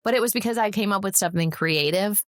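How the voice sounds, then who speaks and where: A woman's voice: mid-range voice, quick pace, dry recording, studio quality. A middle-aged woman co-hosting a podcast, telling parenting stories bluntly and laughing often in casual chat. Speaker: podcast co-host.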